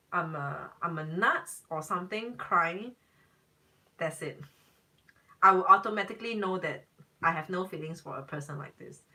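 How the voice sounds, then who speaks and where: Bright-voiced woman, emphatic casual chat. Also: lowish voice, far from the mic, rough recording. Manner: emphatic, repeats herself. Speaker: tarot reader. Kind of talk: casual live-stream chat.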